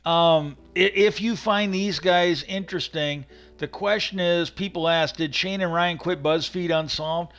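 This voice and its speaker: A man's voice: high voice, fairly even intonation, unhurried, hardly any pauses, fairly bright tone. A man hosting a livestream, casually rambling through stories with many fillers and restarts. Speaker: livestream host.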